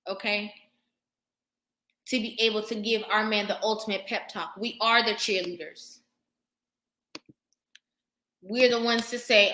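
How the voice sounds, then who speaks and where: A young woman hosting a live stream, talking emphatically and preaching to her viewers, pausing now and then to thank them for their comments. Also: medium pitch, steady tone, sharp tone. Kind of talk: impassioned live-stream talk. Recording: roomy echo.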